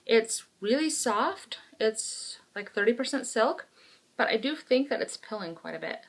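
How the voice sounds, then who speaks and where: Brief: woman, 30s, podcast co-host, lively and candid storyteller with a somewhat high voice. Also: measured pace. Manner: chatty, animated storyteller, frank and self-mocking. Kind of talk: casual chat.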